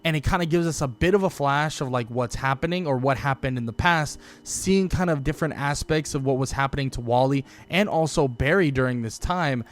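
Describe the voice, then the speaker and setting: A man's voice: mid-range voice, fairly quick, few pauses. A young man casually recapping and commentating on a comic book, rambling loosely with lots of filler words. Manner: loose and rambling, many "like" fillers, quotes characters in passing.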